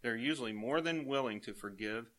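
An older man with grandchildren, preaching a sermon in a folksy way, telling family anecdotes and chuckling as he quotes children softly. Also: medium pitch, fairly quick.

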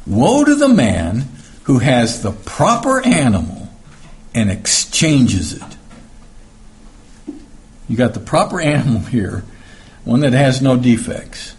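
A man's voice: medium pitch, sing-song, slow pace, pauses often, darkish tone. A man teaching through scripture verse by verse in a conversational sermon, with plenty of fillers and restarts, who acts out the voices in the passages he reads. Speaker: Bible teacher. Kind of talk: verse-by-verse Bible study sermon.

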